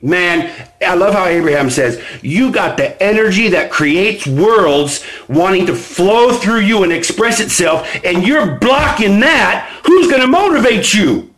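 Animated high-voiced motivational man. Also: a little slow, rough recording. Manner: animated, swings between low chatty asides and loud emphatic preaching. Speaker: host reading from his book. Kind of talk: motivational live stream talk. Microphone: phone or webcam on a live stream.

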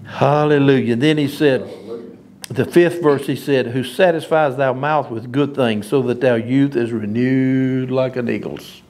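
A man's voice: mid-range voice, fairly even intonation, a little slow, darkish tone, a little hiss or hum. A man preaching an informal sermon, folksy and emphatic, often laughing at his own lines.

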